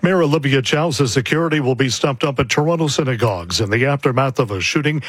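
A man anchoring a radio newscast, reading headlines in a steady, measured way. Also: medium pitch, breathy edge, dry recording, rough recording. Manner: steady measured news delivery. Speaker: news anchor. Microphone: studio microphone.

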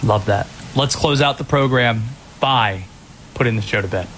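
A man co-hosting a casual podcast, playful and quick to laugh. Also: medium pitch, a bit bright, a little hiss or hum. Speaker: podcast co-host. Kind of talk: casual chat.

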